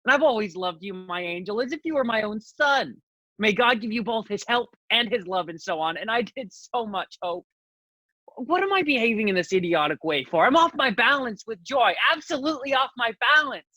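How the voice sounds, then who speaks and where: A woman's voice: a little high, animated, normal speed, sharp tone, dry recording. A woman playing a fawning old landowner. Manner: gushing, endearment-laden, theatrical. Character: fussy fawning older male landowner. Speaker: student actor. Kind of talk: stage acting.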